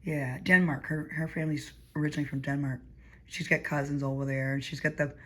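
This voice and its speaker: A woman talking to her camera at home as she winds down for the night. Her monologue wanders from one story to the next, chatty and loose. She laughs often and sometimes drops to a quiet murmur. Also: sits low. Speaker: vlogger. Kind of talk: rambling casual monologue.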